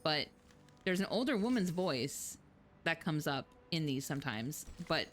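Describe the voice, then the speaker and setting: A woman's voice: deep voice, big pitch swings, a little slow, slight background noise. Chatty woman streamer reacting to a game. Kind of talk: casual game commentary.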